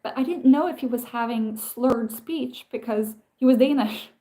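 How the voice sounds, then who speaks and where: A woman's voice: a little high, moderate pace, dark tone. Chatty woman rambling on a live stream. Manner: rambling, self-interrupting storytelling with many restarts; reads out viewer comments and answers them. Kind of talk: casual live-stream chat.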